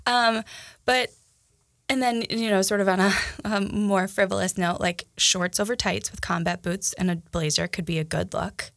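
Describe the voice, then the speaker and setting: A woman's voice: medium pitch, fairly even intonation, normal speed, gravelly, fairly bright tone, no echo, studio quality. A young adult woman with a Minnesota accent, co-hosting a podcast in casual chat, talking loosely with many fillers and restarts. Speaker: podcast co-host.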